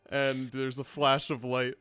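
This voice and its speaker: A man acting as game master, narrating a tabletop game in an unhurried way with frequent fillers. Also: mid-range voice, creaky, no room sound.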